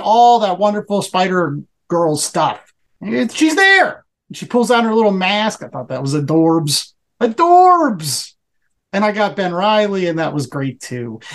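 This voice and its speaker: A man co-hosting a podcast, talking casually and enthusiastically, rambling with lots of fillers. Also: sits high. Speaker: podcast co-host. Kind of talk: casual review chat.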